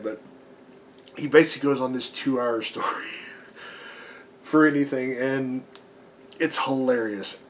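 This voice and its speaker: A man with a slightly hoarse voice giving a casual, chatty comic book review, full of ums and restarts. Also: medium pitch, a little hiss or hum.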